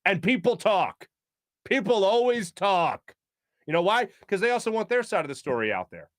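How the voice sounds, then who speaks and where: A man's voice: high voice, big pitch swings, normal speed, fairly bright tone, no room sound. A man hosting a sports talk show, giving casual, sarcastic, opinionated commentary and laughing at his own jokes.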